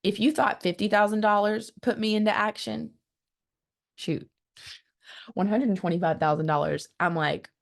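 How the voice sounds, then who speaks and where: A woman marketing coach giving an energetic motivational business talk, speaking straight to her audience and often restarting her words. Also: mid-range voice, moderate pace, gravelly, pauses often. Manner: energetic and emphatic, acts out quoted voices; repeats words when restarting, direct to the audience.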